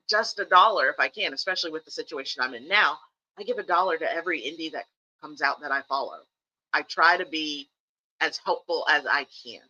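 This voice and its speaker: Bright-voiced woman streamer, emphatic. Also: low-pitched, dull audio. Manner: emphatic, candid, repeats key phrases for stress. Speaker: streamer host. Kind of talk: casual livestream talk, earnest advice.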